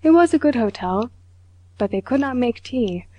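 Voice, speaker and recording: A woman's voice: a little high, lively intonation, normal speed, no room sound, lo-fi sound, pitched above the performer's own voice. A woman reading a pompous boastful man. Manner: self-important, lecturing. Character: pompous boastful middle-aged male official.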